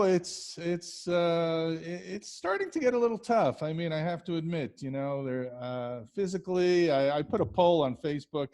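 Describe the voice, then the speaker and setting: A man co-hosting a podcast, talking casually with lots of pauses and fillers. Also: a little high, darkish tone. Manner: hesitant, many fillers. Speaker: podcast co-host.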